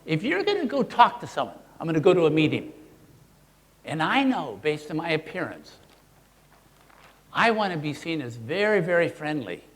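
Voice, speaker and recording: Animated high-pitched man teaching a seminar. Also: normal speed, pauses often, big-room sound. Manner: animated, playful, asks the audience questions. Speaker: workshop presenter. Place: seminar room with an audience.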